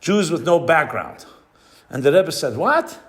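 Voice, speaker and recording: Male rabbi, lecture delivery, somewhat high pitch, explains patiently and mixes in Hebrew and Yiddish terms while searching for words. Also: expressive, moderate pace. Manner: stops often to search for the right word. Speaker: rabbi teaching a class.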